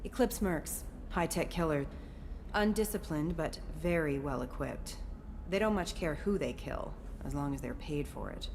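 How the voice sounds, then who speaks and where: An actress playing a guarded, blunt former security chief in a video game. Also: female voice, sits low, moderate pace, a little mellow, slight background noise. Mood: wary. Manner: wary, blunt.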